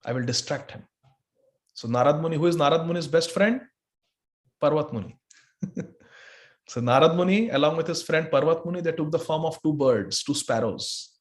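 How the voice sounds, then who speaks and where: A male preacher giving a sermon and telling a story in an animated way. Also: fairly high pitch, normal speed.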